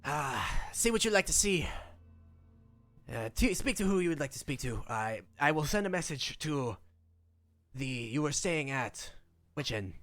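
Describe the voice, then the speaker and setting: A man voicing a small, gravelly male gnome official who is eager and a little pompous, with a habit of saying "yes, yes.". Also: on the high side, big pitch swings, unhurried, a bit bright. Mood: businesslike. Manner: fussy, repeats "yes, yes".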